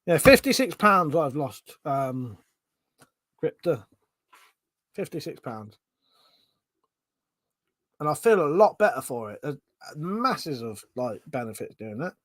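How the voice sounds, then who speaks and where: A British man rambles through a casual livestream, reading out his chat and swearing freely as he jokes with viewers. His voice sits a touch high for a man, and the sound is close and dry with almost no room around it. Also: big pitch swings, slow pace, long pauses, a bit bright, dry recording. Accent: British English. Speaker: livestream host.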